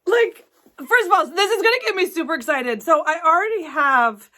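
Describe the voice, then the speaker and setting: A woman, chatting through an unboxing with gushing, gasping delight and halting restarts. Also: extremely high pitch, expressive, pushed and bright. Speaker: crafting vlogger. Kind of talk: excited unboxing chat.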